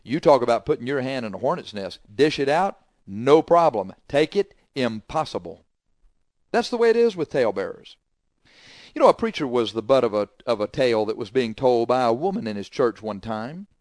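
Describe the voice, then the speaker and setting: A male preacher delivers a scolding sermon in a middle-pitched voice. He drives points home with loud bursts, then drops into quiet asides. The sound is close and dry. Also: sing-song, moderate pace, no room sound.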